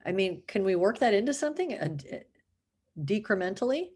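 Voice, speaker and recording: A woman's voice: medium pitch, very animated, a little fast, a little mellow, husky. A woman chatting casually to the camera, rambling and self-mocking, laughing often and slipping into put-on accents for fun. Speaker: vlogger.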